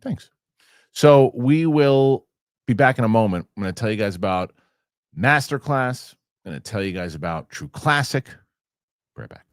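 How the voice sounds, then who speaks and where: Animated deep-voiced man chatting. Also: fairly quick, no echo, studio quality. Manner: rambling with many restarts. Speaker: host. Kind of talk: casual chat.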